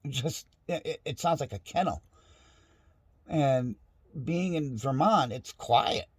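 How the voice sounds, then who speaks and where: A middle-aged vlogger talks at home with dogs nearby, rambling casually and restarting often out of frustration. His mid-range voice moves with lively intonation at a slow pace, with a breathy edge and no room sound.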